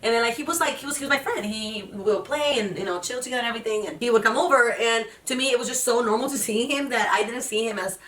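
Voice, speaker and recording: A young woman talking fast and casually to camera, rambling with lots of fillers and restarts. Her voice sounds a bit distant from the mic, and the room gives it a noticeable echo. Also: a little high, fairly bright tone. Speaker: vlogger. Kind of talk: casual personal vlog.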